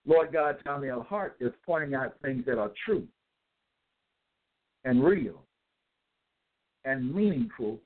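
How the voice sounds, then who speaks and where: A man delivering a scripture-citing monologue, reading out verse references and pausing to ask "okay?" as he goes. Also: medium pitch, expressive. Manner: deliberate, checks in with "okay?"; spells out capitals, hesitant fillers. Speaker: self-styled religious teacher. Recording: tinny phone-like audio.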